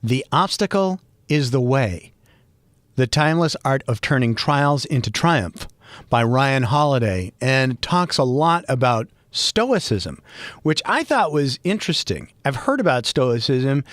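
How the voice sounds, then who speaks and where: A middle-aged man from Boston with a Boston accent, hosting a solo podcast and rambling with wry, self-mocking humor and bursts of mock yelling. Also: medium pitch, expressive, measured pace, no room sound. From Boston, USA. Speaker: podcast host. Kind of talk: freeform solo podcast monologue.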